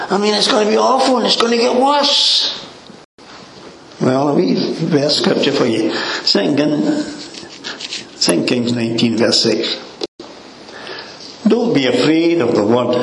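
A man preaching a sermon in a relaxed, conversational way, chuckling often and leaning on "you know" as he speaks to the congregation. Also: mid-range voice, a little hiss or hum. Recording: echoey room with faint ambience.

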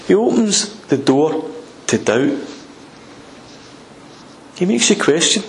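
A preacher delivering a sermon with a slightly raised voice, driving points home through repetition and dropping suddenly to near-hushed tones. The room is echoey, with a faint background hum. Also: male voice, on the high side, animated, slow, pauses often. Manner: emphatic, repeats points, swings between loud and hushed.

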